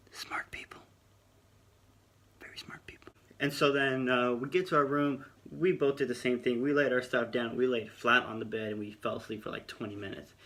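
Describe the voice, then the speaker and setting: A young man tells a long personal story to his viewers in a casual vlog. His voice sits at an ordinary middle pitch. He rambles, doubles back and pokes fun at himself as he goes. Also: a bit bright. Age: young adult. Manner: rambling, self-deprecating, conversational. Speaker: vlogger.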